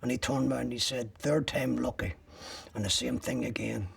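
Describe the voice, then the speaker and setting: A man's voice: mid-range voice, fairly even intonation, brisk, gravelly, fairly bright tone, husky, recorded from a distance. An older man, recounting a personal ordeal as an interviewee in blunt, graphic words with swearing.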